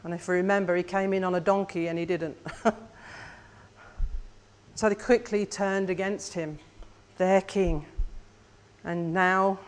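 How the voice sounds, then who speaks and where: Preacher, sermon, slow and reflective, asks questions of the congregation. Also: mid-range voice, steady tone. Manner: measured and reflective, posing questions to the listeners.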